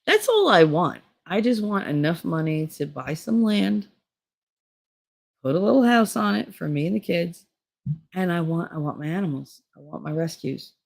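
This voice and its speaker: A woman's voice: on the low side, animated, normal speed, creaky. A middle-aged woman talking candidly in a casual, rambling monologue, laughing often and swearing freely. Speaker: vlogger.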